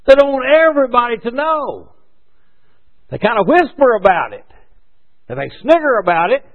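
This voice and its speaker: High, lively male preacher. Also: moderate pace. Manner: conversational, rhetorical questions, corrects himself. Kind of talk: sermon. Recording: dull lo-fi recording.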